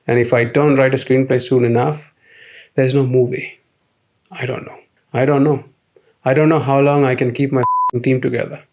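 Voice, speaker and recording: A man talks in a dry, deadpan way. His comic monologue is sardonic and matter-of-fact. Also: mid-range voice, normal speed. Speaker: comedy series narrator.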